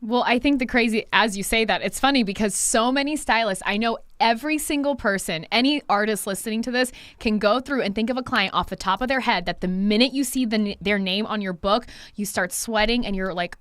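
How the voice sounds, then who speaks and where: A woman's voice: on the high side, expressive, fairly quick, a bit bright, no echo. A woman hair stylist and coach talking candidly in a podcast conversation, swearing freely and acting out past exchanges with clients.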